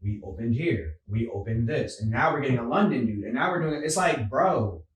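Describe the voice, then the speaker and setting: A male podcast host talking with energy and emphasis, his pitch rising and falling freely. The sound is roomy and a little distant, as if he is sitting away from the microphone. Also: brisk, highs cut off. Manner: animated, emphatic, calls people bro. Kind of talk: casual conversation.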